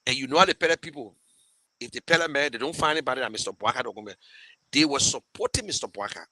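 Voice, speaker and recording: Hosting a live show to raise campaign funds, a man with a Liberian English accent speaks casually to viewers in a bright, forceful, expressive medium-pitched voice, talking fast. He's emotional and rambling, circling back and restarting often. The low-quality recording sounds close and dry, with no room around it.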